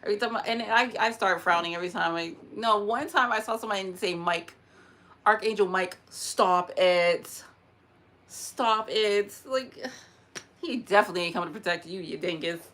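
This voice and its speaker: A woman chatting casually about spirits in a rambling, animated way, laughing often. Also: medium pitch, quick pace. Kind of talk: casual spiritual talk to camera.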